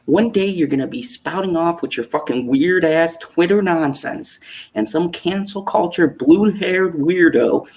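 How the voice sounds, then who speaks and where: A man's voice: on the high side, a little slow, a little mellow. A man co-hosting a casual live chat, ranting heatedly with frequent swearing and mocking asides. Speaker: podcast co-host.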